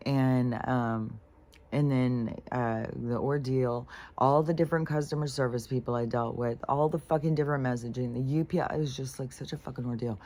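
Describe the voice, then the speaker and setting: A spiritual vlogger talks through her day in a mellow bass voice at a moderate pace, her intonation fairly even. Still, she's irritated and frustrated, rambling and swearing freely with many fillers as she vents casually.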